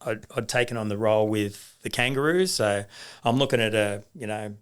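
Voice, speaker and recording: A man's voice: fairly low pitch, normal speed, clean tone. A middle-aged man with an Australian accent, a guest in an interview, telling stories in a loose, anecdotal way with lots of restarts. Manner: anecdotal, acts out quoted voices, many restarts. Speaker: guest, rugby league coach. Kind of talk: storytelling in a casual interview.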